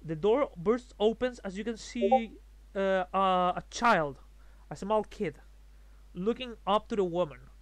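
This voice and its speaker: A man with a fairly high voice narrates a tabletop role-playing game as game master. He describes scenes in a halting way. The sound is dry and close. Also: no room sound.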